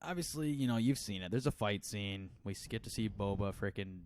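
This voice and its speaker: Low-voiced man rambling casually on a podcast. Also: animated, a little fast, a little hiss or hum. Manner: rambling, laughs often, slips into mock accents. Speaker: podcast co-host.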